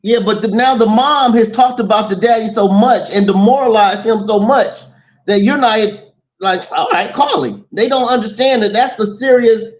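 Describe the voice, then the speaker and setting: A man's voice: high-pitched, normal speed. A man co-hosting a casual talk show, stumbling through restarts and lecturing. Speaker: podcast co-host. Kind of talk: casual chat. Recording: dull, lo-fi mic.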